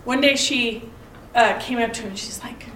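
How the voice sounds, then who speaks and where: Leading a Bible study, a middle-aged woman tells family stories and asks her listeners sharp rhetorical questions in a conversational way. She speaks at normal speed in a fairly high, bright voice; the mic sits at a distance in an echoey room, and there's a little hiss or hum.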